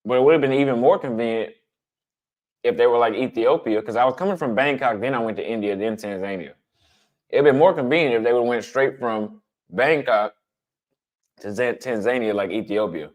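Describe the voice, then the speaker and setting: A man's voice: medium pitch, fairly quick. A man chatting casually with his audience about travel, blunt and conversational, repeating his points for emphasis. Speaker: travel vlogger answering chat. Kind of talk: casual livestream chat.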